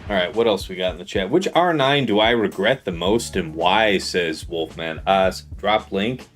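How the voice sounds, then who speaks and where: A man's voice: low voice, lively intonation, moderate pace, fairly bright tone, soft background music. A man hosting a live gaming stream, chatting casually with guests while he plays. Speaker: streamer host.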